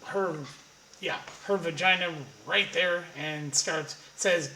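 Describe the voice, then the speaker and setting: A man's voice: a little high, takes it slowly, pushed and bright, roomy sound, a little hiss or hum, poor audio. A man telling a casual anecdote in a blunt, profane, rambling way.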